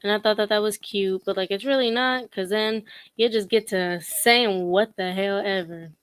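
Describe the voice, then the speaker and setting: A woman's voice: mid-range voice, normal speed, clean tone, dry recording. Sassy, laughing young woman vlogger. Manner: sassy, laughing, blunt and mocking. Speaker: commentary vlogger. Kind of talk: casual commentary chat.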